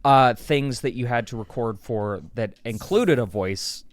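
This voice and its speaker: A young adult man co-hosting a Let's Play, chatting casually and jokingly with an animated delivery. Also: medium pitch, measured pace, slight background noise. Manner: animated, joking, slips into silly voices. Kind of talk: casual gaming chat. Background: game music.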